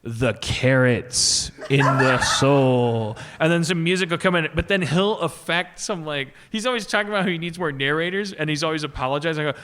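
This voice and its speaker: High-voiced stammering comic man. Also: quick pace, hardly any pauses, pushed and bright, slight background noise. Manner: stammering, profane, rambling, laughing often. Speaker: comedy podcast host. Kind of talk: rambling comic monologue. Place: live stage.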